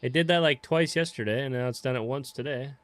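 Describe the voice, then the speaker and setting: A young man casually chatting with viewers while playing a farming game, relaxed and swearing offhandedly. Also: medium pitch, quick pace, dry recording. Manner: laid-back, swears casually, greets viewers by name. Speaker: game streamer. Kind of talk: casual live-stream chat while playing.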